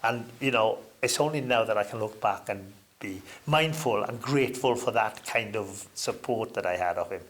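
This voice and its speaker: An older man from Wales, a guest on an interview, reminiscing in a relaxed anecdotal way with hesitant fillers and sudden lifts in pitch. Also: normal speed, few pauses.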